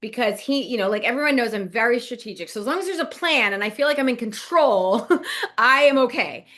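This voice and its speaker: A middle-aged woman from Nebraska tells a story in easy, casual conversation. She laughs often and acts out the lines people said to her, with her pitch jumping around as she does. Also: brisk. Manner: animated, laughs often, acts out quoted dialogue. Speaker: podcast co-host, business coach.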